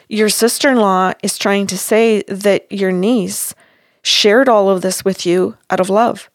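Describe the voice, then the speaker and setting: This counselor, a woman in her sixties, has a gravelly mid-range voice captured as clean studio sound without echo. She retells a session by performing both parties' lines with firm emphasis.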